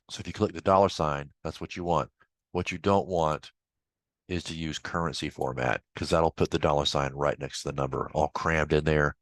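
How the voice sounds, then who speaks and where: A man instructor walking through a software tutorial in a casual, chatty way with offhand asides. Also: rumbling low, no room sound. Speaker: accounting instructor. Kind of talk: screen-recorded software tutorial.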